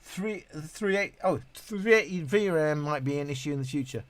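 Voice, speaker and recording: A British man hosts a casual live stream in a slightly high, expressive voice at a moderate pace, reading viewer messages aloud. He rambles, restarts often, and laughs at himself in a self-deprecating way. The recording is dry.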